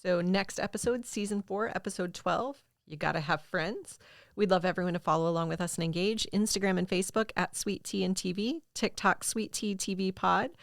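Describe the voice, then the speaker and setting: Female podcast co-host with a gravelly edge, mid pitch, dry close sound; relaxed, reads the outro plugs. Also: fairly quick, dry recording. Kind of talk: casual chat and show outro.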